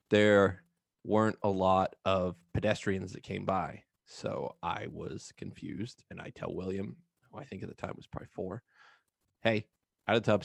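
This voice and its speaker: A man's voice: deep voice, creaky, dry recording. A man co-hosting a casual sports podcast, telling a funny story with lots of laughter. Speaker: podcast co-host. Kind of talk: casual chat, anecdote.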